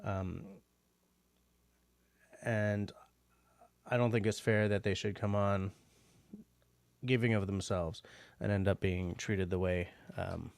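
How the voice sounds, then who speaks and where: Man, livestream host, casual rambling chat, lots of fillers, lowish voice, dry sound. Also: gravelly, darkish tone, no room sound. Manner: rambling and chatty with many fillers.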